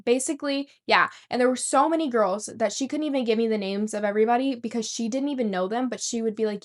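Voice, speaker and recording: A woman's voice: fairly high pitch, fast talker, few pauses. A young woman vlogger telling a rambling story and swearing casually. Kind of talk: storytime vlog.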